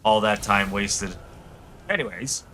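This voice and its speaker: A young man streaming a game, rambling excitably as he tells stories and chats. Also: lowish voice, slow pace, a little hiss or hum. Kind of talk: casual gameplay chat.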